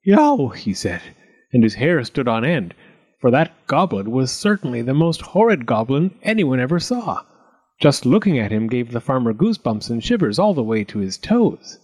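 A man reading a storybook aloud with an expressive, lilting delivery. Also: medium pitch, normal speed.

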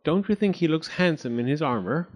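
A bossy, imaginative little girl with a high, bouncy voice, as a man reading a storybook puts her on. Her pitch leaps around playfully. She plays the grand host of her make-believe court. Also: animated, fairly quick, in a large hall, natural voice. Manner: raised, girlish pitch.

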